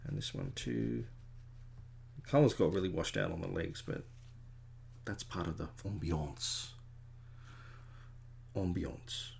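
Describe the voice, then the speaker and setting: A man's voice: low voice, sing-song, moderate pace, gravelly, pauses often, darkish tone, a little hiss or hum. A middle-aged man, an artist, chatting casually and digressively as he works on a drawing, often poking fun at himself. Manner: chatty, digressive, self-deprecating. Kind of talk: casual rambling commentary while drawing.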